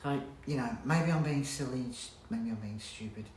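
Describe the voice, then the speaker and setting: A man ranting casually to camera at home, rambling with halting restarts and blunt swearing. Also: mid-range voice, darkish tone. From Australia. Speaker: vlogger. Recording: roomy echo, faint background hum.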